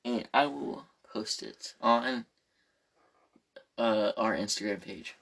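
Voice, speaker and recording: Husky laid-back man. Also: on the low side, takes it slowly, fairly bright tone. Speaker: co-host. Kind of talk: casual chat.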